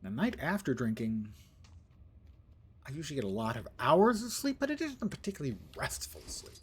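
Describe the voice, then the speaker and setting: A man's voice: fairly high pitch, huge pitch swings, fast, husky. A tired, yawning man streaming a game, chatting casually with wry, rambling asides. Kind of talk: casual live-stream chat while gaming.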